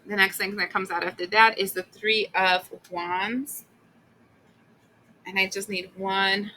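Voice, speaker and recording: A woman giving a casual tarot reading, blunt and animated, swearing and acting out the listener's complaints. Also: mid-range voice, slow, slight background noise. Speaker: tarot reader.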